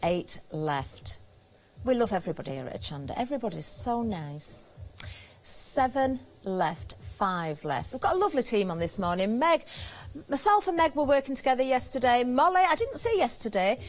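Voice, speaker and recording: A British woman presenting on a live TV shopping channel, chatty and giggly as she banters with the crew, her voice slightly hoarse. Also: fairly high pitch, sing-song, moderate pace. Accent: British English. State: slightly hoarse, throat catching.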